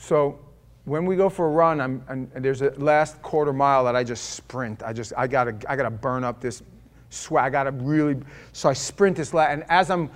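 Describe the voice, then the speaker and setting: A middle-aged man, a preacher, telling a personal story to an audience in an animated, self-deprecating way, swinging between loud outbursts and quiet confession and acting out his own thoughts. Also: medium pitch, moderate pace.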